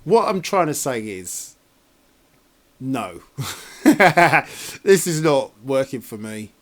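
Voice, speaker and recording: A man's voice: medium pitch, big pitch swings, slow pace. A man doing a casual trailer reaction in a rambling, sarcastic, exasperated way.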